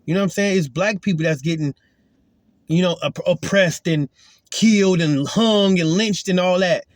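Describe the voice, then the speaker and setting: A man's voice: high-pitched, moderate pace, no room sound, studio quality. Earnest man telling a testimony. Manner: earnest and emphatic, retelling a confrontation. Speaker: Christian testifier. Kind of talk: casual spoken testimony.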